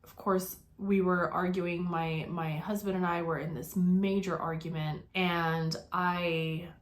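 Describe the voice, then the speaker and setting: A woman's voice: on the low side, flat delivery, slow pace. A woman in her forties telling her own life story in an earnest, reflective way, with many fillers and restarts. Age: 40s. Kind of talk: personal storytelling to camera.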